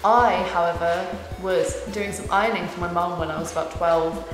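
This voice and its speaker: A young woman reads out questions and chats in a lively, casual way. Her voice bounces around a reverberant room with a long echo. Music plays clearly underneath. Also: on the low side, normal speed. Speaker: cosplay vlogger. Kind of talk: casual chat.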